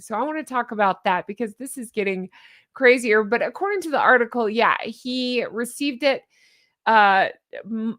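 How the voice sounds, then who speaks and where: Chatty, amused woman vlogger. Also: a little high. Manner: chatty and amused, laughs often; animated, with rhetorical questions and asides. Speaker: YouTube commentary host. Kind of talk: casual commentary vlog.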